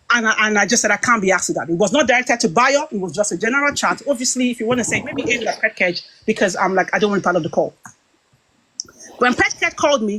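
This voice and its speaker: A British woman talking casually, retelling a heated group-call dispute in an animated, aggrieved way with many quoted exchanges. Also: mid-range voice, breathy edge. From Britain. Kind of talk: casual storytelling to viewers.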